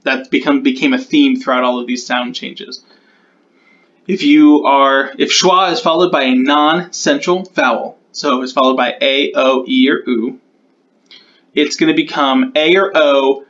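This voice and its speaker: A man's voice: mid-range voice, fairly even intonation, a little slow, fairly bright tone, dull audio. A man casually walking through the sound-change rules he made up, thinking aloud and correcting himself as he goes. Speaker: conlang creator explaining sound changes. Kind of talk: casual explanatory walkthrough.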